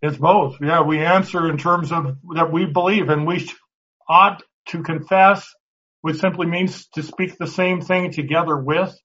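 A man's voice: on the high side, fairly even intonation, measured pace, pushed and bright. A man teaching a Bible class in a conversational way, often restarting words and putting questions to the class. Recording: dull lo-fi recording.

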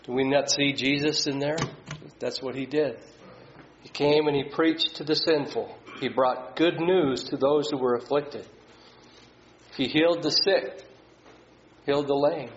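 A man's voice: medium pitch, steady tone, measured pace, long pauses, a little hiss or hum. A man leading a Bible study, putting questions to the group and reading scripture aloud. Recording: slightly dull sound.

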